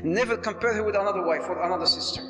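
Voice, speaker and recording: An Islamic preacher addresses a live audience, telling animated stories, performing the characters' voices and weaving Arabic phrases into his speech. His voice sits high and comes rapid-fire, with music in the background and a long reverb tail.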